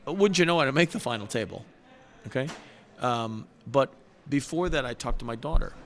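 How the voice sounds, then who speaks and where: Speaking at a normal pace in a mid-range voice, a middle-aged man who plays poker tells heartfelt personal stories as a show guest. His conversational retelling is earnest and animated, though he often starts over.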